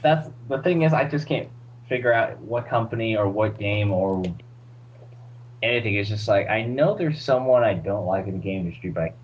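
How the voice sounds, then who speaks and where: Man, lowish voice, hesitant, casual podcast, dull lo-fi sound, faint hum. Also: animated, normal speed. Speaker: podcast co-host. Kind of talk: casual chat.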